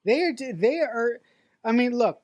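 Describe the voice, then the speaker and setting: A woman's voice: a little high, lively intonation, a little mellow, no echo, highs cut off. A woman co-hosting a podcast in a casual movie review chat, playful and joking. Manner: playful, quick to laugh, joking. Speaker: podcast co-host.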